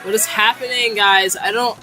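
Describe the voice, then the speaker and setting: A woman reacting to a game trailer in casual, slangy commentary, excitable and quick to laugh and shout out. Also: medium pitch, soft background music.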